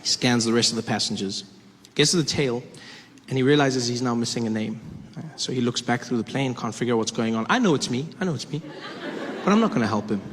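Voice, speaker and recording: A man from South Africa performing stand-up comedy, telling an animated story full of characters. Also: mid-range voice, fast talker, long reverb tail, a little hiss or hum.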